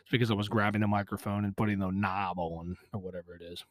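A man's voice: lowish voice, steady tone, quick pace, no room sound, clean studio sound. A man hosting a solo podcast, swearing constantly and ranting angrily, recorded in a small pump house. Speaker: podcast host. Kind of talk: solo profane rant. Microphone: podcast microphone.

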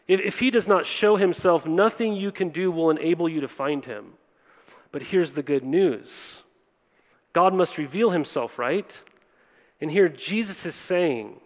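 A man preaching a conversational sermon to a congregation, often acting out what people say. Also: high voice. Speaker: pastor. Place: church hall before a congregation. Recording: long reverb of a large hall.

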